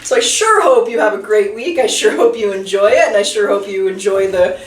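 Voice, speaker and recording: Woman, tarot reader, casual chat, talks to the viewer, medium pitch, echoey room. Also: brisk. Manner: chatty, talks straight to the viewer, trailing off and restarting.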